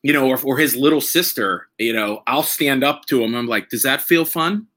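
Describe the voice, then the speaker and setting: A man hosting a podcast, talking casually in a rambling, halting way full of fillers and restarts. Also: medium pitch, fairly bright tone. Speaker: podcast host. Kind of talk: casual conversation.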